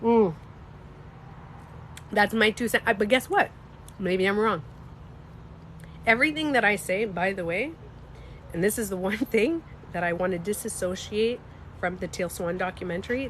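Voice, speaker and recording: A woman with a slightly stuffy nose, chatting casually on a livestream. She talks in an animated, emphatic way, swears freely and speaks to her viewers. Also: medium pitch, moderate pace, pauses often, a little hiss or hum. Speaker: livestreamer and beauty coach.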